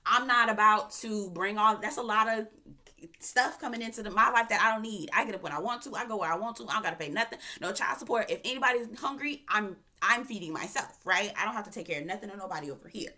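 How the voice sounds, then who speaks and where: Woman, Florida, reality-TV review rant, animated, rambling, sharp bright tone. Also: medium pitch, fast talker. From Florida, USA. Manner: chatty, animated, goes off on tangents, frequent laughter. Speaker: TV show reviewer.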